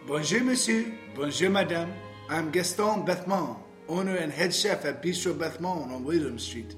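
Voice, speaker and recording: A man playing a suave French bistro chef with a put-on French accent, giving a radio ad in a smooth, drawn-out way. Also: on the high side, animated, a bit bright, roomy sound, faint music behind. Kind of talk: comedy radio ad.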